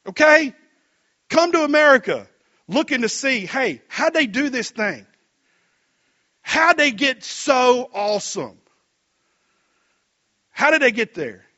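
A man preaching a sermon in a church, rambling with many fillers and climbing to emphatic, excited peaks. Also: very high-pitched, takes it slowly, long pauses, dull audio.

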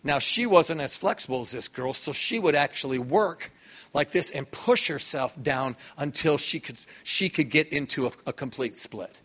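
Animated preacher man, dull recording. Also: on the high side, normal speed. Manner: animated, enthusiastic storyteller. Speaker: guest preacher. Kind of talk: sermon storytelling. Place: church hall.

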